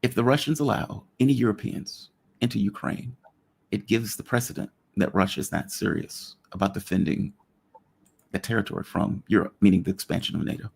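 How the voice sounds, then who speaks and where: A man hosting a casual political talk show, blunt and joking with quick asides. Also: fairly low pitch, gravelly, husky. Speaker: show host.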